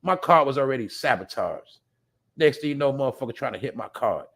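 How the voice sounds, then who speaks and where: A man's voice: medium pitch, animated, brisk, fairly bright tone. A man hosting a live show, ranting bluntly and profanely in a rambling way, often laughing. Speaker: podcast host. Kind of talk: casual live-stream rant.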